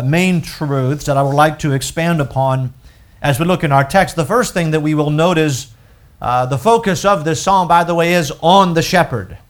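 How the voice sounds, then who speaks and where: A man preaching a sermon, slow and emphatic, repeating key phrases for weight. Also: on the high side.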